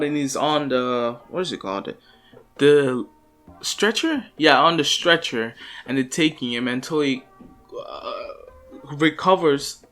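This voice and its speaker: A young man rambles through a fan-made story in a casual, unscripted way, full of fillers and restarts. His voice sits a bit high for a man, with faint lofi music underneath. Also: fairly bright tone.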